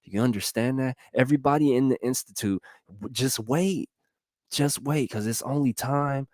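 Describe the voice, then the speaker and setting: A man giving an energetic motivational monologue in casual slang, repeating lines for emphasis and laughing often. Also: medium pitch, normal speed, no echo, studio quality. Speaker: motivational speaker.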